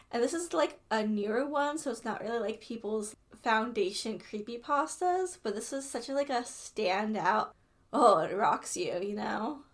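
Woman, podcast co-host, fairly high voice, enthusiastic, lots of filler words. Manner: enthusiastic, heavy use of "like", floats theories. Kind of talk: casual chat.

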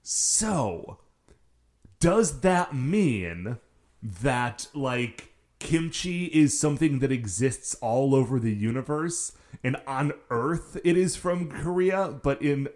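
A man's voice: medium pitch, lively intonation, takes it slowly, darkish tone. A man co-hosting a casual chat, musing in a laid-back, rambling way full of fillers. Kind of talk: casual chat recapping a show.

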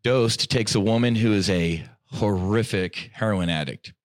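A middle-aged man with a low voice tells a personal story on a podcast, all slang and "I'm like" asides. His delivery is animated and swings between loud bursts and near-whispers. The recording is dry and close. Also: a little slow, no room sound. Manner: slangy, says "dude" and "I'm like". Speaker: podcast guest. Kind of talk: casual storytelling.

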